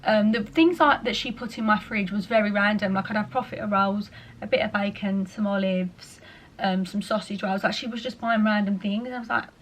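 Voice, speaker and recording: A young woman talks through viewer questions in a loose, chatty vlog. Her talk is full of "like" and "you know", and she drops into quick voices to quote people. Her pitch sits in an ordinary middle range. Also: steady tone, a little hiss or hum. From England. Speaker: vlogger. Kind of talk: casual chat answering viewer questions.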